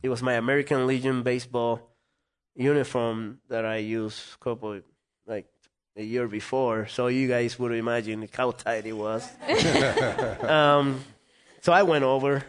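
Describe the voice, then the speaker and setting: Man telling a lively story. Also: medium pitch, a little slow. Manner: animated, acts out quoted voices. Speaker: interview guest. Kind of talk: storytelling in conversation.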